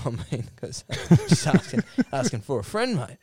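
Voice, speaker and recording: A man's voice: mid-range voice, big pitch swings, normal speed, few pauses, a little hiss or hum. An Australian man co-hosting a podcast, casually retelling a story with lots of ums and laughs. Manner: rambling, many fillers, laughs while telling. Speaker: podcast co-host.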